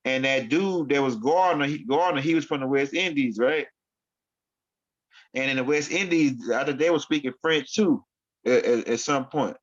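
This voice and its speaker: A man's voice: medium pitch, moderate pace. A man hosting his own online show, rambling through casual commentary in street slang and often repeating himself. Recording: dull lo-fi sound.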